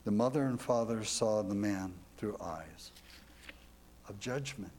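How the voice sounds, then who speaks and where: A man's voice: lowish voice, unhurried, a little mellow, a little hiss or hum. A man telling a devotional story as a sermon, earnest and reflective, ending with questions to his listeners. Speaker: preacher.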